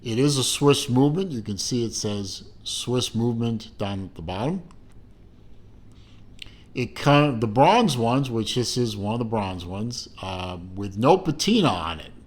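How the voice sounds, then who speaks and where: A man's voice: medium pitch, expressive, a little slow. A middle-aged man giving a casual watch unboxing review, rambling with fillers and self-corrections and dropping dry, self-mocking asides.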